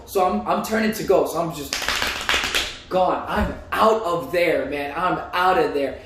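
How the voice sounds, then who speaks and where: A young man telling a casual story, animated and full of slang, repeating himself as he goes. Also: a little high, moderate pace. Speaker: vlogger. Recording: echoey room, voice a bit far from mic.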